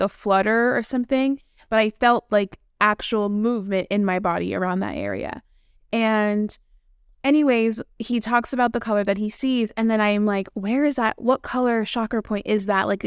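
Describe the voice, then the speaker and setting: A woman guest tells a story in a casual chat, chatty and full of quoted dialogue. Her voice sits fairly high and comes through smooth and clear. The recording is dry and close. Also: fairly quick, no echo. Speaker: podcast guest.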